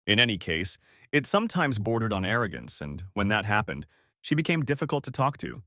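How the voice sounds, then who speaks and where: A man reads a first-person story in a measured, brooding way. His pitch moves a lot, and the recording is dry and close with no room sound. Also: very animated, bright, forceful tone, no room sound. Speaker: story narrator. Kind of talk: first-person audiobook narration.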